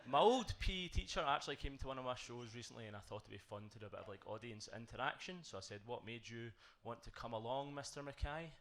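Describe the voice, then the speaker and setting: A man's voice: medium pitch, lively intonation, quick pace, hardly any pauses, fairly bright tone. A British man doing a self-deprecating stand-up set made of punchy one-liners. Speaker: stand-up comedian. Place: comedy club stage with audience.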